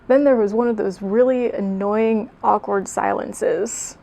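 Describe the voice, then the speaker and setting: A woman's voice: mid-range voice, steady tone, a little slow, gravelly, hardly any pauses, warm tone, lo-fi sound. A young woman reading her old fan fiction aloud, mocking it with sarcastic, self-deprecating asides and laughing at herself. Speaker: video creator.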